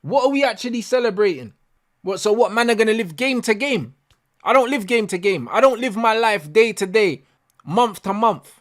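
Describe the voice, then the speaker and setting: A man's voice: high-pitched, animated, normal speed, fairly bright tone. A man ranting in a post-match football reaction video, heavy on slang and repeating himself for emphasis. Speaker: football fan channel host.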